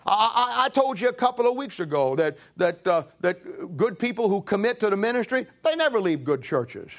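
Sitting high and sing-song, this man's brisk voice belongs to a pastor in his 70s delivering a sermon in the church sanctuary. He spins folksy, emphatic stories and performs the voices of the people he quotes.

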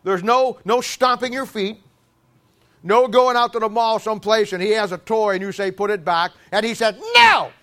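A man preaching a sermon in an animated, humorous way, stammering restarts and acting out little scenes. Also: high voice, moderate pace.

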